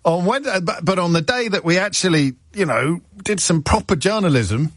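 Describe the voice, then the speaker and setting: A man's voice: sits high, animated, fairly quick, no echo, clean studio sound. A middle-aged man hosting a radio phone-in show, telling stories in a wry, rambling way and correcting himself as he goes. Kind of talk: chatty on-air monologue. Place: radio studio.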